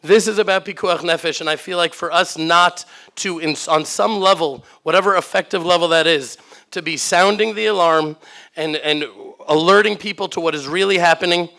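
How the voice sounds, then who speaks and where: A man's voice: fairly high pitch, normal speed, sharp tone. Earnest man moderating a panel. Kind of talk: conference panel talk.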